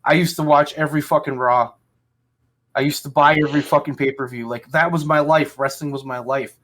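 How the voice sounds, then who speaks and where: A man's voice: fairly high pitch, fairly even intonation, fairly quick, fairly bright tone, slight background noise. A man hosting a casual podcast chat, ranting angrily and swearing heavily. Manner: angry ranting, heavy swearing. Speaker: podcast host.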